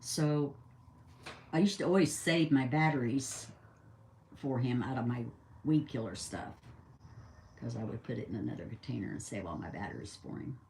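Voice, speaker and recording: A woman's voice: rumbling low, normal speed, pauses often, darkish tone, a little hiss or hum. An older woman recounts a memory in plain, everyday speech. She rambles a little and keeps things casual and conversational. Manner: chatty, rambling, acts out dialogue. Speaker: storyteller. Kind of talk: casual spoken storytelling.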